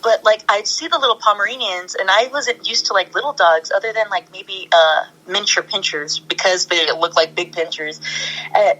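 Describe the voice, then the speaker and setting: A woman's voice: mid-range voice, moderate pace, pushed and bright, muffled recording. A middle-aged woman chatting as an interview guest, gushing and laughing often as she talks. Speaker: guest, former pro wrestler. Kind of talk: casual interview chat.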